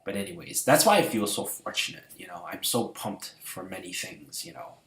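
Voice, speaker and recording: Man with a lowish voice, casual storytelling vlog, lots of fillers, goes hushed then loud, echoey room. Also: lively intonation, moderate pace. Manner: rambling, many fillers, shifts from hushed to loud. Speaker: vlogger.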